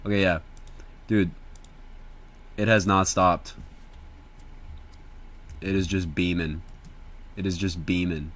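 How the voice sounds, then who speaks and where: A young man from Indiana, chatting casually to viewers on a livestream in an excitable, slangy, profane way. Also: low voice, slow pace, long pauses.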